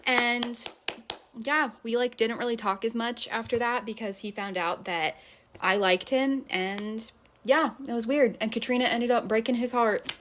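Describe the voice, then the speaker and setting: A woman's voice: on the high side, normal speed, noisy background. A young woman telling an emotional personal story in a casual storytime. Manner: emotional, chatty retelling.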